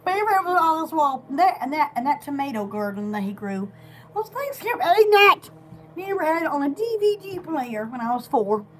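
A woman's voice: high-pitched, big pitch swings, fairly quick, slight background noise. A woman, hosting a rambling, casual live video from home. She giggles a lot and jumps from one goofy topic to the next. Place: home at night.

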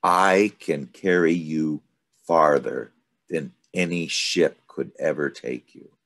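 A mysterious, ominous desert snake speaks in slow riddles, in the deep gravelly voice of a man reading a storybook aloud. The tone is cryptic and unhurried, with a husky rasp. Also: steady tone, fairly bright tone, heavily acted.

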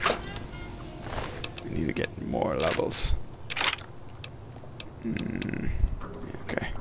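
A man doing let's play commentary, excitable, yelping and grumbling at the game. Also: very slow, very noisy. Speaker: gamer.

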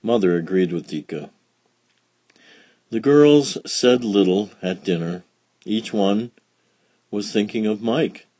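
A man reading a children's picture book aloud in a slow, expressive, gentle storytelling manner. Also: fairly low pitch, no room sound. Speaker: storybook reader.

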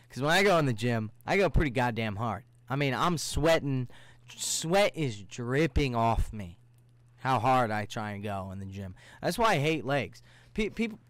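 A man hosting a solo podcast, ranting in a rambling, profane way that swings from low mutters to heated outbursts. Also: fairly bright tone, dry recording. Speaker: podcast host. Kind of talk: casual solo podcast rant.

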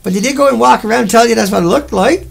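A man's voice: extremely high pitch, rapid-fire, vocal fry, husky. A man with a Newfoundland accent hosting a livestream, ranting in a heated, rambling and profane way. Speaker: livestream host. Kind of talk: angry livestream rant.

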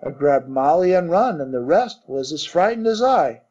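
A man voicing a coarse young Cockney bellboy who talks in blunt, rough working-class grammar, in a storybook reading. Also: fairly high pitch, big pitch swings, normal speed, a little mellow. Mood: uneasy. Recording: dull muffled recording.

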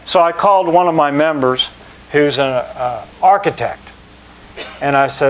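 Guy in his middle years spinning stories to a crowd, acts out the people in them, voice sits a bit high. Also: a little slow. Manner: animated storyteller, acts out quoted people. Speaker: country club general manager. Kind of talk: anecdotal talk to an audience.

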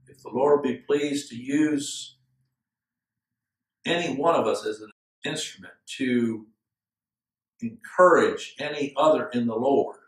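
Man preaching in an echoey church. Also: mid-range voice. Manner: earnest, measured preaching with slow emphatic phrases. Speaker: pastor. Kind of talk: expository sermon. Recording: echoey room, from far off.

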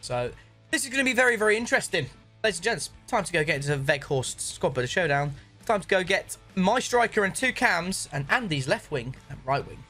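A man's voice: high-pitched, very animated, brisk, pushed and bright, faint music behind. A man hosting a casual football video game chat, jokey and calling his guest "mate". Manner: chatty, jokey, says "mate" a lot. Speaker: gaming channel host.

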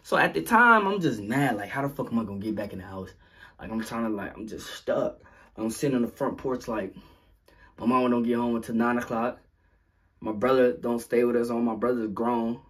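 A young man telling a story in a vlog, animated, acting out sounds and quotes. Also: mid-range voice, brisk, husky. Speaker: vlogger.

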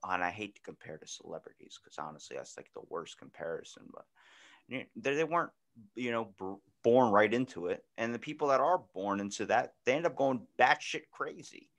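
A man hosting a podcast in casual chat, telling stories with lively acted-out voices and plenty of swearing. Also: fairly low pitch, brisk. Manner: animated storyteller acting out voices, swears freely. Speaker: podcast host.

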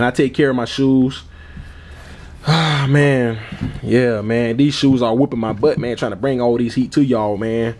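A man talks casually in a sneaker vlog, relaxed and easygoing, with a middle-pitched voice. He often tacks on "man" and "you all", and he chuckles as he goes. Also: slight background noise. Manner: laid-back, repeats "man" and "you all" a lot. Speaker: sneaker vlogger. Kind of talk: casual chat.

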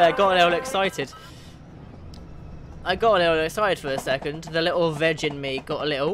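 A man from the UK chatting casually with his viewers during a live game stream, reading out their names and getting excited now and then. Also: fairly high pitch, fairly quick, background noise. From United Kingdom. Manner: chatty, reads out chat names, bursts of excitement. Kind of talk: casual gaming livestream chat.

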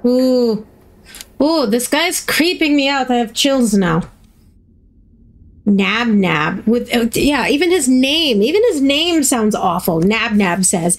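A woman's voice: medium pitch, expressive, measured pace. A woman hosting a gaming video, giving chatty let's-play commentary and playfully reacting to herself as she plays.

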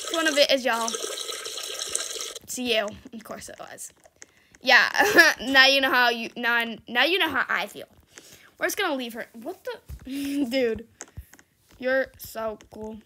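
A young woman who makes gaming videos on YouTube offers casual, giggly commentary, laughing a lot, shrieking for help, exclaiming, and reading chat aloud. Her high-pitched voice is pushed and bright, with a little hiss or hum in the audio.

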